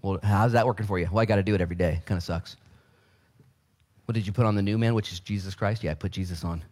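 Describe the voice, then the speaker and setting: A man's voice: lowish voice, fairly even intonation, quick pace, darkish tone. A man in his thirties preaching a sermon as pastor, with joking asides and acted-out voices.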